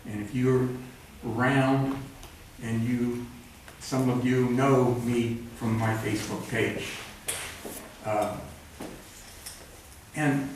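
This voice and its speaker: A man's voice: medium pitch, steady tone, very slow, pauses often, distant mic, slight background noise. A man reading from his own books at a live event, wry and plainspoken, with rambling asides between pieces. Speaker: author reading his work. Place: cultural center event room. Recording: roomy live recording from afar.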